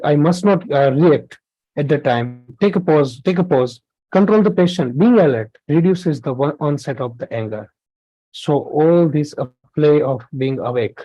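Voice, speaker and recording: A man's voice: a little high, dark tone, no echo. Earnest Indian man lecturing, muffled. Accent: Indian English. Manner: earnest and explanatory, many fillers and restarts. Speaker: spiritual talk presenter. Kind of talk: spiritual lecture with slides.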